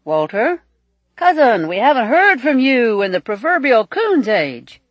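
Excitable older cousin, booming and effusive; narrator puts him on; dry, lo-fi read. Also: male voice, measured pace, no echo, full character voice. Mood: cheery. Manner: boisterous, bellowing, effusive.

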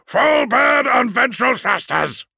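Man doing a calm commanding ship captain, lively voice, dry close recording, sci-fi audiobook. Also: fairly high pitch, unhurried, creaky, no echo, exaggerated voice. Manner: calm, commanding, barks orders. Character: cool-headed male starship captain, daring.

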